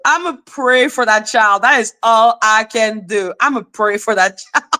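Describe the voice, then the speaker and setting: A woman's voice: on the high side, unhurried, pushed and bright. A woman hosting a casual livestream commentary, a former teacher talking bluntly and swearing freely as she rants. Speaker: live commentary channel host.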